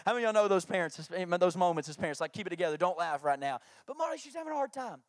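A man's voice: high-pitched, lively intonation, very fast, dry recording, clean studio sound. A man, preaching a sermon through jokey family stories and acted-out quotes. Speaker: pastor.

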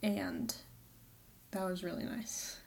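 A woman's voice: on the low side, steady tone, slow, creaky, slight background noise. A young woman, a college student, talking casually on her own podcast, rambling with lots of fillers and corrections. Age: young adult. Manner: chatty, rambling, with many "like" fillers and self-corrections. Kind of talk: casual solo podcast monologue.

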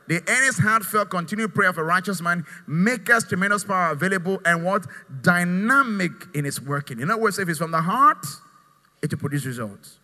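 A pastor preaching a lively sermon, acting out his congregation and calling for responses. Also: high-pitched, fairly quick, in a large hall. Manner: animated, mimics congregants, asks crowd to respond.

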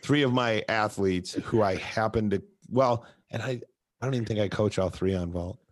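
Male co-host, gymnastics coach, low easygoing voice, dry close sound. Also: moderate pace, no echo. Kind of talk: casual chat.

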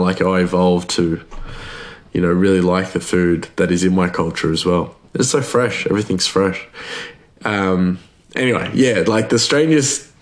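A man, chatting casually on his podcast, rambling, laughing often and restarting his sentences. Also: low voice. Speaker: podcast host, chef.

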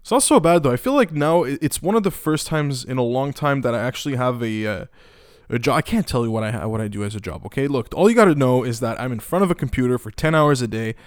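A man's voice: medium pitch, lively intonation, fast, dry recording, clean studio sound. Rambling, profane male podcast host. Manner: rambling, profane, joking, lots of fillers and restarts. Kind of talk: casual solo podcast monologue.

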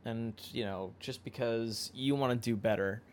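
A young man hosting a podcast in casual chat, thinking out loud in a reflective way and often correcting himself mid-sentence. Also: mid-range voice, moderate pace. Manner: reflective, rambling, self-correcting. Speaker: podcast host.

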